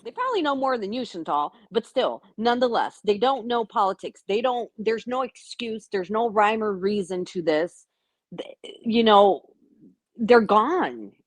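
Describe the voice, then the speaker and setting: A hoarse woman chatting on a panel, earnest and emphatic. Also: medium pitch, expressive, a little slow, dry recording. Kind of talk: casual panel chat.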